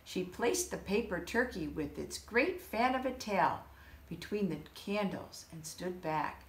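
A woman reading a children's holiday story aloud, expressive and unhurried. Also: fairly low pitch. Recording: echoey room.

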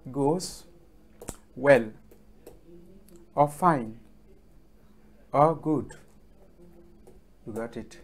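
A man teaching French in an online lesson, patiently drilling phrases over and over with hesitant pauses. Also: mid-range voice.

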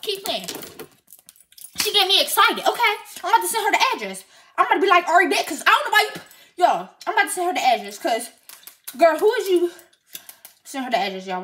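A young woman vlogger scolding loudly and theatrically in an animated prank rant. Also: extremely high pitch, a little hiss or hum. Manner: scolding, loud and theatrical, frequent shouting.

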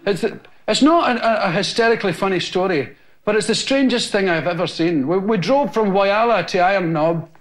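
A Scottish man doing stand-up, telling rambling anecdotes to a laughing live audience. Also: sits high. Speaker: stand-up comedian. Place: television studio with a live audience. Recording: loud hiss on an old TV recording.

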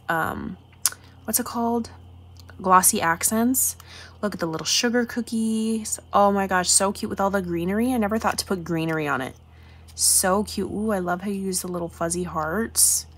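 A woman hosting a craft channel, unboxing handmade gifts in a gushing chat, with breathy exclamations and soft whispered asides. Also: on the low side, a little hiss or hum.

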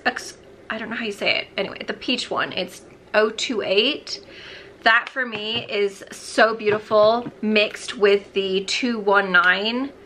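Her voice is fairly high, bright and forceful, with slight background noise. A young beauty vlogger getting ready on camera, she chats in a bubbly, rambling manner, talking to herself along the way.

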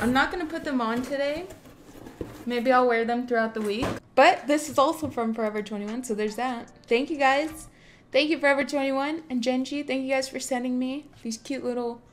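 A woman's voice: high voice, a little hiss or hum. A young adult woman streaming live, chatting casually with her audience in a gushing, effusive way and swearing now and then.

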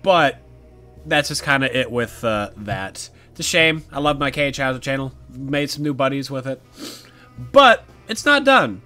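A man's voice: medium pitch, expressive, moderate pace, pushed and bright, faint music behind. A man casually commentating a horror game as he plays, chatty and jokey, talking back to the characters. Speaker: gaming YouTuber. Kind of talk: casual let's-play commentary.

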